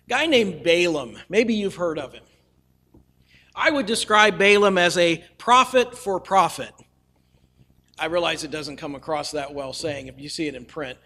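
A man's voice: fairly high pitch, expressive, normal speed, pushed and bright. A male preacher telling a scripture story in a folksy, humorous way, with casual asides to the listeners. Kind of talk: storytelling sermon.

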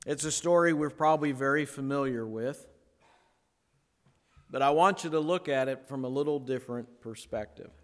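A pastor preaching a sermon in a slow, conversational way, slipping into playful voiced asides when he retells a story. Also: medium pitch, big-room sound.

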